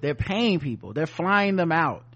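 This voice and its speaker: Male podcast co-host with a slightly higher voice. Sardonic, cusses freely, reads headlines and then riffs. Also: sing-song, unhurried, sharp tone, dull audio. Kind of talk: casual news-commentary chat.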